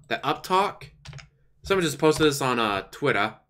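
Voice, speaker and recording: Sarcastic guy commenting on a stream, bright forceful voice. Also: mid-range voice, animated, fairly quick, clear, resonant tone. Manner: sarcastic, mocking. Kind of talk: casual commentary.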